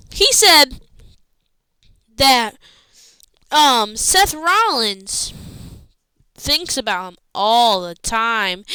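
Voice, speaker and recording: A woman recaps a wrestling show in a loose, rambling way, forgetting what she meant to say and filling gaps as she goes. She sounds tired. Her voice is high, smooth and bright, and it is recorded dry and close. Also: dry recording, low-quality recording. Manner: rambling, loses her train of thought, filler-heavy.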